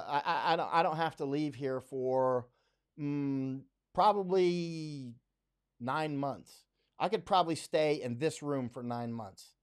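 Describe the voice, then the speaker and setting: A middle-aged man hosting a live stream, talking bluntly and emphatically, often repeating himself to drive a point home. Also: on the high side. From United States. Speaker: livestream host. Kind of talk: unscripted live commentary.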